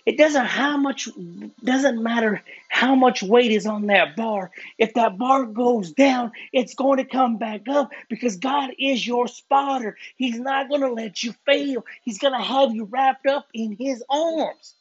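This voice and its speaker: Husky earnest preacher, dull recording. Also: medium pitch, a little slow, few pauses. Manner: earnest, stumbling restarts, gym talk. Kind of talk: informal sermon.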